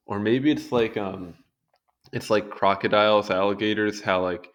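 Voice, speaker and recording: A man's voice: fairly low pitch, steady tone, moderate pace. A young man reading an encyclopedia article aloud and going off on amused, rambling asides in casual commentary. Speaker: video host reading a wiki article. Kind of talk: casual read-along commentary.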